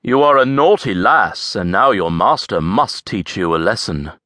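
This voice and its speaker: A smooth, self-assured man in an audiobook, voiced by the male narrator. He gives calm, low orders with a lively lilt, recorded close and dry. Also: moderate pace, no echo. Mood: commanding. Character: calm, commanding man, a farrier.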